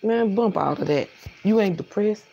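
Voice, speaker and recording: A woman's voice: mid-range voice, animated, normal speed, gravelly, dark tone, dull audio, a little hiss or hum. A woman, bluntly lecturing her viewers in a motivational rant and repeating lines for emphasis. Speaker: vlogger.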